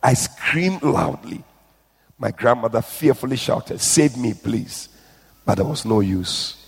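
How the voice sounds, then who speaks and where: Gravelly preacher, urgent in an echoing hall. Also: male voice, mid-range voice, animated, measured pace. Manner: urgent pleading. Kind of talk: sermon with read-out testimony. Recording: echoey hall.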